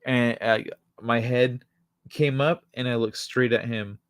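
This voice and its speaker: A live-stream host spins a childhood story for the chat at a slow, unhurried pace, breaking into laughter again and again. The talk is loose and peppered with swearing. The voice sits dry and close, with no room sound around it. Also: medium pitch, steady tone, clean tone, no room sound. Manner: laughs often, loose and profane.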